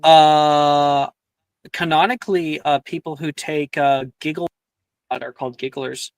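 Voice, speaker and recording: Laid-back gravelly game master man. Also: on the high side, steady tone, unhurried, dry recording. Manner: laid-back, laughs often, voices characters briefly. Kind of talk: narrating a tabletop game.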